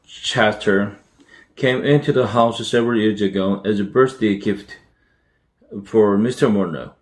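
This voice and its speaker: A man's voice: on the low side, unhurried. A man from Korea, reading an English children's book aloud as practice, with careful phrasing and small restarts. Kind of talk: storybook read-aloud practice.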